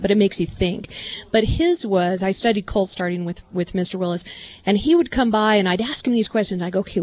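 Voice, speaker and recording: A woman's voice: fairly low pitch, darkish tone. A woman horse trainer, a guest on a live show, talking earnestly and telling stories about her teachers.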